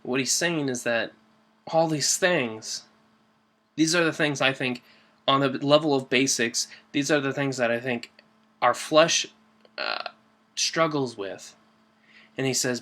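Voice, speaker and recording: Man, church devotional host; bright, forward tone, earnest and conversational, leans on key words. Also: mid-range voice, measured pace, pauses often. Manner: earnest, conversational with fillers and restarts. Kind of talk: informal devotional talk.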